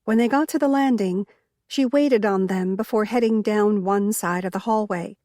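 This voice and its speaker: A woman narrating a cozy mystery audiobook in a measured storytelling manner. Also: medium pitch, darkish tone, no room sound, studio quality. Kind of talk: scripted narration.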